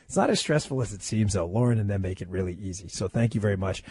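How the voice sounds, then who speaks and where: A man guest-hosting a talk radio show, taking calls and making his points with rapid-fire emphasis. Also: on the low side, lively intonation, darkish tone, breathy edge, dry recording.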